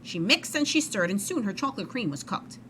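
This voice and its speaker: A woman reading a children's story aloud in an expressive, animated way. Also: medium pitch, fairly quick, a little hiss or hum. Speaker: storybook reader.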